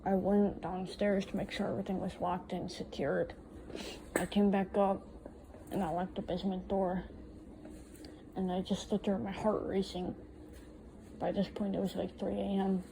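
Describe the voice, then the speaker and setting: A woman's voice: mid-range voice, flat delivery, normal speed, vocal fry, long pauses, dark tone, slight background noise, rough recording. A young woman casually recounting a night from her own life, blunt and swearing freely. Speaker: storyteller. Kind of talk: casual first-person storytelling.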